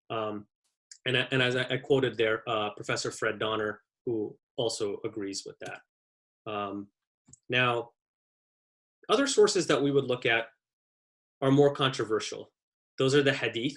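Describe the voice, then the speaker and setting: A man's voice: medium pitch, a bit bright. A man with a mid-range voice delivers an academic lecture. He explains each point methodically, defining his terms before moving on. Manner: measured, explanatory. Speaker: guest lecturer.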